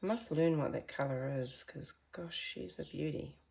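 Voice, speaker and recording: A woman's voice: low-pitched, moderate pace, creaky, a little mellow, slight background noise. A woman giving a chatty, encouraging painting tutorial from her home art studio, talking to viewers as friends. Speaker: art teacher.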